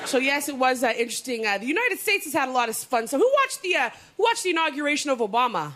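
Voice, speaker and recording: Animated woman doing stand-up. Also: high-pitched, slight background noise. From Canada. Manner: animated, punchy delivery with quick asides. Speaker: stand-up comedian. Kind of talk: stand-up comedy set.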